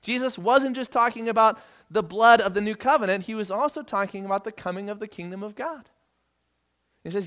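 A man preaching an expository sermon, working through a passage verse by verse and acting out the quoted lines with lively emphasis. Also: fairly quick. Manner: animated, acts out quoted lines with rising pitch. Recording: dull lo-fi recording.

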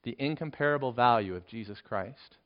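A man preaching a sermon with earnest emphasis, dropping to a hushed voice for key points. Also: medium pitch, fairly quick, clear, resonant tone. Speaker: pastor. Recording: dull lo-fi sermon recording.

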